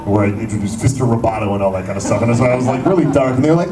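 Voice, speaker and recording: A male voice actor answering fan questions at a convention panel, telling animated stories and laughing as he goes. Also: fairly high pitch, fast talker. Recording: echoey convention hall from far off, crowd noise.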